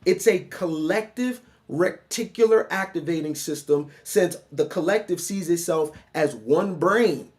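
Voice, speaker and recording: High-voiced man lecturing mockingly. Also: animated, a little slow, few pauses, a little mellow. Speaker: online commentator. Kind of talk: reaction commentary monologue.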